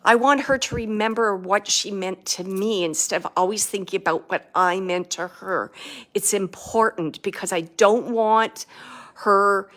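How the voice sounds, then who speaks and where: A woman working as a medium, relaying messages for a sitter in a halting, searching way. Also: medium pitch, a bit bright. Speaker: psychic medium.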